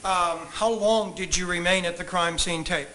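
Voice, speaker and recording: Bright-voiced man questioning in court. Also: high-pitched, steady tone, rough recording. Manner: measured, polite, leading questions. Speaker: trial attorney questioning a witness. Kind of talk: courtroom examination.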